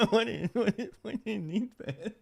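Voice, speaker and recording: This young male streamer with a German accent keeps things casual, breaking into laughter often and reacting loudly to chat. His high, creaky voice moves at a normal speed.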